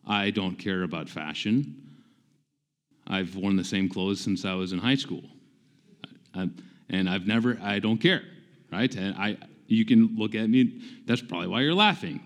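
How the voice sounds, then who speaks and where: A pastor in his forties preaching a conversational sermon, emphatic and self-deprecating, often repeating himself for stress. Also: fairly low pitch. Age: 40s.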